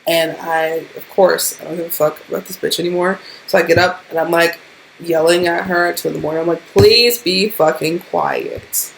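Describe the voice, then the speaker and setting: A woman's voice: on the low side, level tone, brisk, vocal fry, slight background noise. A young woman vlogger animatedly telling a profane storytime tale to her camera. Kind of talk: storytime vlog.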